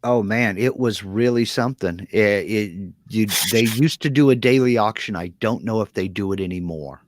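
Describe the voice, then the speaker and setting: A man's voice: fairly low pitch, normal speed, dry recording. A man co-hosting a live stream in a folksy, easygoing way, reading chat comments aloud. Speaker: co-host.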